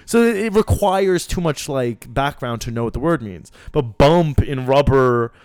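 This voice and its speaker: A young man, a student, chatting as a podcast guest, eager to explain things and quick to mock himself. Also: mid-range voice, lively intonation, a little mellow, clear, resonant tone, no room sound. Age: young adult. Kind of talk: casual podcast chat.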